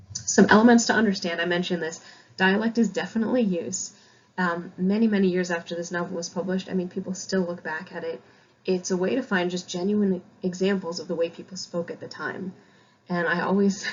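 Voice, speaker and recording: A high school English teacher from Connecticut, this woman explains a novel in a chatty, self-deprecating recorded lecture. The sound is slightly rough and lo-fi.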